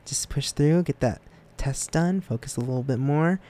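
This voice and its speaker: A young man hosting a student podcast, talking casually on his own, rambling and joking at his own expense, with sudden upward leaps in pitch. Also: normal speed. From United States. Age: young adult. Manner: rambling and self-deprecating, with lively jumps in pitch. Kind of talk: casual solo podcast monologue.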